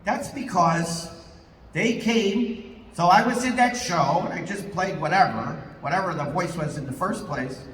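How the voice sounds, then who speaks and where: A man as a voice actor guest at a convention panel, telling comic stories in an animated, jokey way and swearing casually. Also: high-pitched, measured pace. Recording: echoey hall, voice from far off.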